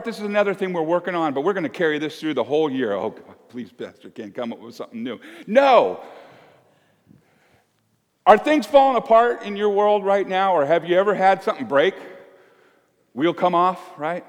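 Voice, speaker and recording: A pastor in his fifties preaches with a lively, rising and falling voice pitched a little high. He talks conversationally, swinging from loud emphasis to hushed asides. The church hall lends a long reverb. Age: 50s. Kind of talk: sermon.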